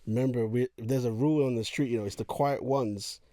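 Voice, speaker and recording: A man hosting a youth talk show, reciting rhythmic spoken-word lines and coaxing his guest along calmly. His voice sits at a middling pitch, and the sound is dry and close. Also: a little fast, dry recording. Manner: calm, encouraging, rhythmic when reciting. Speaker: host and poet. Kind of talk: spoken-word poetry and supportive interviewing.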